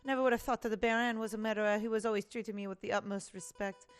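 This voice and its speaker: A woman voicing a polite, refined young female bird who speaks softly and courteously. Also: mid-range voice, fairly even intonation, fast, smooth, faint music behind, close to an everyday voice. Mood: gentle. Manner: gentle, soft, courteous.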